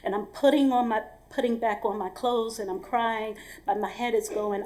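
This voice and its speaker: A woman's voice: on the high side, steady tone, normal speed, hardly any pauses, darkish tone. A woman telling a personal story on stage at a live event in a casual, candid way, full of fillers and repeated words.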